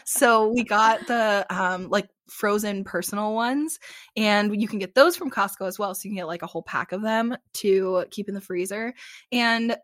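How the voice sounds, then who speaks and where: A woman co-hosting a podcast in easy, casual chat. She talks at a medium pitch and fills her sentences with "like." The recording is close and dry. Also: normal speed, fairly bright tone, no echo. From Arizona transplant. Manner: chatty, lots of "like" fillers. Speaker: podcast co-host.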